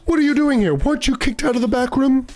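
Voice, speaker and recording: A man's voice: extremely high pitch, quick pace, darkish tone, pitched above the performer's own voice. A man voicing a pompous, posh male bookstore clerk who talks down to customers in a prim, condescending manner. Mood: haughty.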